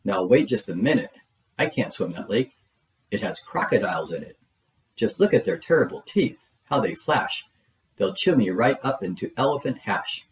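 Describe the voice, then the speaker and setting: Man reading aloud as a big tired elephant, earnest and pleading, lowish voice. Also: very animated, moderate pace. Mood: worried. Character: gentle weary male elephant, big and honest. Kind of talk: storybook read-aloud.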